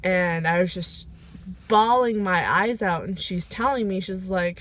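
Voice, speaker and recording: A woman recording a personal video diary, talking reflectively and emotionally, pausing often with fillers as she goes. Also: medium pitch. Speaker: vlogger. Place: sitting in her car. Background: rain.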